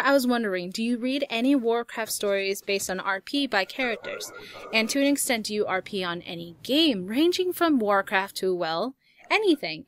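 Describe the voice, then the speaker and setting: A woman's voice: a little high, fairly bright tone, a little hiss or hum. A young woman hosting a casual gaming Q&A, reading viewer questions aloud and answering in a chatty way with frequent laughs. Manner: chatty, laughs often, swears lightly. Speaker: YouTube gaming host.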